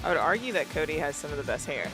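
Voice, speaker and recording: A man's voice: fairly high pitch, sing-song, very fast, over music. A man as co-commentator at a long-drive golf event, adding short remarks and quips. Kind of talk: live sports commentary.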